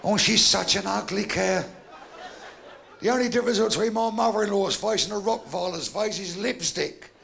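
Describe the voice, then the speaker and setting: Stand-up comic, man, high gravelly voice, crude blunt punchlines. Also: normal speed, a crowd in the background. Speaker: stand-up comedian. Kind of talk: live stand-up routine. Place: live club stage.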